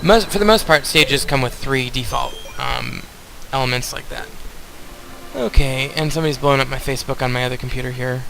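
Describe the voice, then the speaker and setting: A man's voice: mid-range voice, brisk, creaky, music in the background, poor audio. A young man casually commenting on a video game as he plays, rambling and talking straight to his viewers. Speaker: let's play host.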